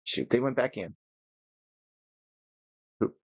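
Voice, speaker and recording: A man's voice: medium pitch, expressive, takes it slowly, creaky, slightly rough, dry recording. Sleepy guy chatting thru his gameplay, dry dull sound, kinda lo-fi. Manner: chatty, rambling, thinks aloud. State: tired. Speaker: gaming channel host. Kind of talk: casual gameplay commentary.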